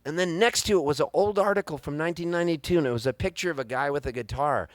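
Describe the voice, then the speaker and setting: Animated storytelling man on stage. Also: on the high side, fast talker. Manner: animated, rambling, wry comic timing. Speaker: singer-songwriter telling a story on stage. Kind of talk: live comic storytelling. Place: live music venue on stage.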